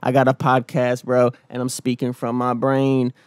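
A man mocking a famous male rapper in a slow, drawn-out, lazy voice that sounds pseudo-deep. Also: completely flat delivery, smooth, no room sound, clean studio sound, close to an everyday voice.

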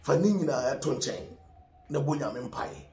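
A man's voice: mid-range voice, expressive, unhurried, dark tone, reverberant. A Ghanaian man preaching a sermon, mixing Twi and English, emphatic, with laughs. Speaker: pastor.

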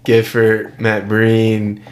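A man's voice: on the low side, monotone, extremely slow. A young man, a podcast co-host, chatting casually in a laid-back way. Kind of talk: casual chat.

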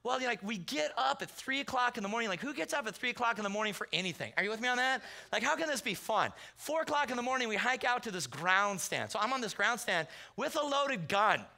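A man's voice: very high voice, fast, creaky, few pauses. A man preaching as a guest pastor, telling comic stories and acting out the voices in them. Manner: animated, comic storytelling with acted-out quotes. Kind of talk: storytelling sermon. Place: church sanctuary.

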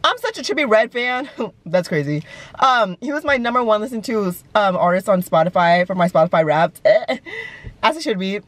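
A woman's voice: mid-range voice, very animated, normal speed, fairly bright tone, no room sound. A young woman chatting casually as a music vlogger, gushing and giggly, with lots of fillers. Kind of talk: casual chat.

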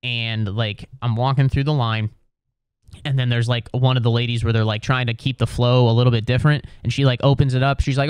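An American man, a young adult comedian, telling a profane comic story in an animated way, full of filler words. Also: mid-range voice, brisk, smooth, no room sound, clean studio sound. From United States. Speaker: comedian podcast host.

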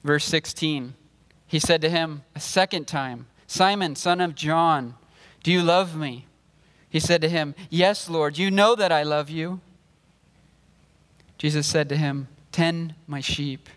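A pastor preaching a sermon, explaining scripture and reading verses aloud in a measured way. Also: male voice, on the high side, fairly bright tone, in a large hall. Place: church sanctuary.

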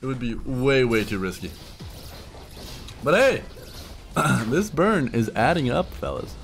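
A young man giving excited, laughing commentary while playing a video game, with loud yelps between mumbled asides. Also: medium pitch, a little slow, gravelly. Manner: hyped, yelling bursts and mumbled asides; laughs often. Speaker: streamer. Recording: game music behind voice. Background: game music.

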